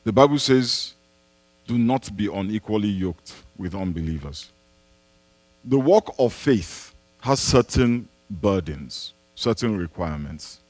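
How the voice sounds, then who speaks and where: A man's voice: lowish voice, animated, a little slow, darkish tone, no room sound. A man, a pastor answering a congregation's questions in an emphatic preaching style, repeating key phrases and posing rhetorical questions. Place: church.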